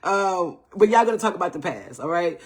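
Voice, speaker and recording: A man's voice: high voice, lively intonation, brisk. Laid-back man giving a live reading. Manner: loose, repetitive, greets viewers by name, says "all right?" often. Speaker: tarot reader on a livestream. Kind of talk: casual live tarot reading.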